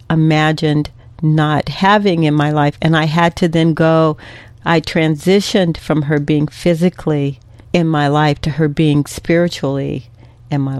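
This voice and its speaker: A woman's voice: low-pitched, darkish tone, dry recording. A woman hosting a radio talk show, speaking in an earnest way about something personal. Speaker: host.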